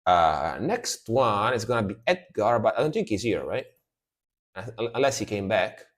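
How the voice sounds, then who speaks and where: Male reaction streamer, casual live talk, animated and lively delivery, quick to jokes. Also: lowish voice. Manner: excited, swears, slips into joke impressions.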